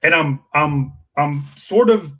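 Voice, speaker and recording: A man telling a long personal anecdote in an emotional, animated way, acting out the people in it. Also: on the high side, slow, husky. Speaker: campaign worker guest. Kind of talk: storytelling anecdote.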